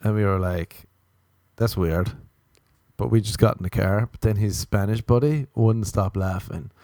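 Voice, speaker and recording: An Irish man rambles through a comic monologue, poking fun at himself along the way. His voice sits low with a gravelly fry. The sound is close and dry. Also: fairly even intonation, moderate pace, mellow, no room sound. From Ireland. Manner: self-mocking, wandering asides. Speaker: comedian.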